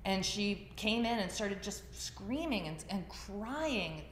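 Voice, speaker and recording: A woman's voice: medium pitch, animated, slow, slight background noise. A woman teaching a yoga class, talking to the group in a conversational storytelling way. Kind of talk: class talk. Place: class room. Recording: echoey room, faint ambience.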